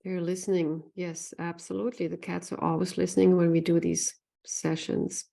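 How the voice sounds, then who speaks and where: A woman's voice: on the low side, level tone, normal speed, gravelly, warm tone. A woman who works as an animal communicator gives an earnest live online talk, reading from the chat and often asking "right?". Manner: earnest, repeats phrases, often asks "right?".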